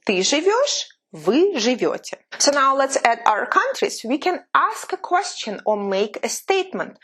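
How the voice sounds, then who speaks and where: A woman teaching an online language lesson, explaining patiently and slowing down to repeat example phrases. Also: high-pitched, sing-song, a bit bright.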